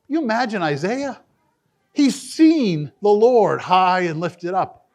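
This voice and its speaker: Animated male preacher, high lively voice. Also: a little slow. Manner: animated preaching, swinging from loud emphatic bursts to low hushed asides. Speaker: pastor. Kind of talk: sermon. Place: church sanctuary.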